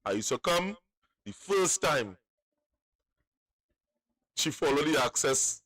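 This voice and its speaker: A man's voice: a little high, sing-song, takes it slowly, fairly bright tone, no echo. A man, calling in to tell a long personal story, rambling and repeating words. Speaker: caller.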